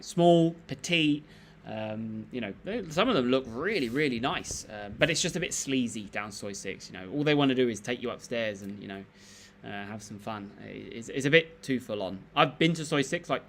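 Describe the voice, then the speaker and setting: A man's voice: medium pitch, a bit bright, slight background noise. A man hosting a live stream, chatting casually and reading out comments in a rambling, laid-back way with lots of fillers and restarts.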